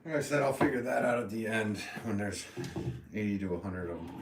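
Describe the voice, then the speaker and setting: A relaxed, chatty man with a lowish voice, talking through his pottery work on a live stream. He teases himself easily and keeps the tone loose. The sound is roomy and echoey, picked up from some distance with steady background noise. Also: brisk. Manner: relaxed, chatty, self-deprecating. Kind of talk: casual live-stream chat while working at the wheel. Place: pottery studio.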